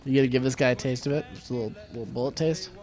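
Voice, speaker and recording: A man's voice: mid-range voice, very fast, darkish tone. A man co-hosting a let's play, chatting casually and riffing jokily on trivia tangents. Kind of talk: casual gameplay commentary.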